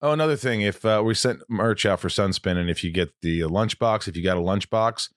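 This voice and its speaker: A man's voice: sits low, fairly even intonation, a little fast, no room sound, studio quality. A man hosting a podcast in casual chat, rambling and joking about himself. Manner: rambling, with self-deprecating humor. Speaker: podcast host.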